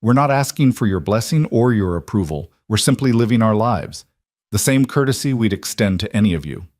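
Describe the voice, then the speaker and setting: A man's voice: on the low side, lively intonation, brisk, a little mellow, no room sound, studio quality, close to an everyday voice. A man voicing a young frontier widow who answers her town firmly. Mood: defiant. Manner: firm, defiant. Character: young widow, hurt but defiant.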